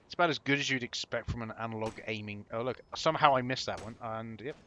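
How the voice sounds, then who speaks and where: A man's voice: medium pitch, fast talker, fairly bright tone. A man giving casual, profane and sarcastic commentary while playing a video game, with frequent laughing asides. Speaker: gameplay commentator. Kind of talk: casual let's-play commentary.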